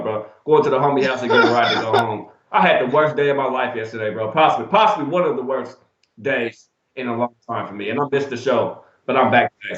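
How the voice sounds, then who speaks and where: Dude talking fast on a betting show, slangy and swearing, echoey room, kinda muffled audio. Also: male voice, medium pitch. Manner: animated, swearing, slangy storyteller. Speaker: sports betting show co-host. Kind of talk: casual storytelling and betting talk. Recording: echoey room, dull lo-fi sound.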